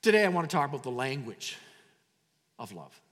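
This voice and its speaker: A man preaching a sermon as pastor, animated, repeating phrases and leading the congregation in reading aloud. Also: medium pitch, brisk. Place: church hall. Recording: long hall reverb.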